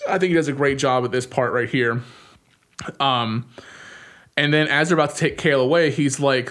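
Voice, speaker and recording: A young adult man co-hosting a podcast, retelling a film's plot in casual chat, full of "like" fillers and quick acted-out lines. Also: medium pitch, fairly bright tone. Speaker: podcast co-host. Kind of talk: casual movie recap.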